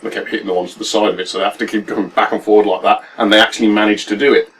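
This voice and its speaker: Low-voiced man chatting over gameplay. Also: flat delivery, racing, fairly bright tone, husky. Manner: chatty, explains game mechanics at length. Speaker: let's play co-host. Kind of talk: casual gameplay commentary. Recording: distant mic with game music behind.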